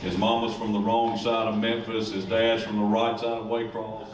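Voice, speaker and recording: Folksy coach, echoey and distant. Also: male voice, lowish voice, little pitch movement, moderate pace. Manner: rambling, folksy, joking. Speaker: high school football coach. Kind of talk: ceremony speech. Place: school event room. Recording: echoey room, distant mic, faint noise.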